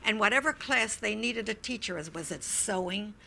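An older woman, an interview guest, recounting memories in a reflective, halting way. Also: medium pitch, expressive, creaky, sharp tone. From Wilmington, Delaware, US. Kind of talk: oral history recollection.

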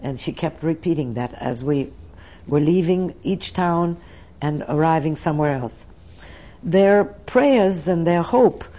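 A woman's voice: lowish voice, mellow, dull audio. Older woman recalling her life story. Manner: reflective, emotional storytelling. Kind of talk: oral history interview.

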